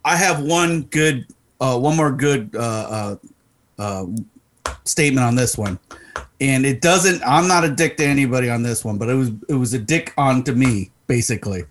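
A man telling a story in casual chat, profane and animated, acting out the people in it. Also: medium pitch, moderate pace, slight background noise. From Arizona. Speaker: podcast co-host.

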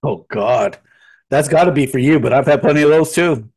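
Dude telling a story, swears a lot, gets animated, does everyone's lines, medium pitched voice. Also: male voice, moderate pace, breathy edge. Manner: profane, animated, acts out quotes. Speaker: podcast co-host telling a story. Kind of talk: casual storytelling.

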